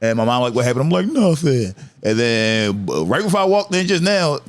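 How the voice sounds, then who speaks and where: A man, a comedian guest on a podcast, telling stories in animated, profane, laughing chat. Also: mid-range voice, brisk.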